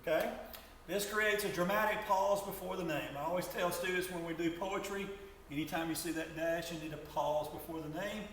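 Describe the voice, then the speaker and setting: A male teacher giving a grammar lesson to students, talking in a halting way and often repeating words as he explains. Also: on the high side, fairly bright tone. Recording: echoey room from far off, faint noise.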